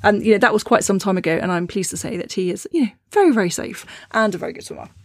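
A woman's voice: medium pitch, quick pace, no room sound, studio quality. A woman hosting a podcast, talking about spiritual experiences in a rambling, chatty way with lots of fillers and little laughs. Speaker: podcast host. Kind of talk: casual spiritual talk.

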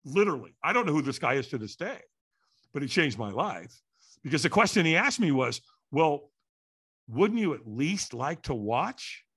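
A man telling a story in an animated way, acting out the quotes and sounds. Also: fairly high pitch, normal speed, slightly rough. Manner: lively, acts out quotes and sounds.

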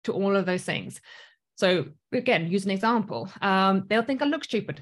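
A woman's voice: medium pitch, lively intonation, moderate pace. British-South African woman coaching. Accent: mostly British with a light South African tinge. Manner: earnest, coaching, asks rhetorical questions. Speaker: business coach. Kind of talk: motivational solo talk.

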